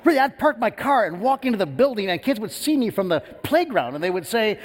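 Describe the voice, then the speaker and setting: A middle-aged man preaching a sermon as pastor, telling a story with lively quoted voices in a church. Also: high voice, normal speed, hardly any pauses, slight background noise. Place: church sanctuary. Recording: long hall reverb.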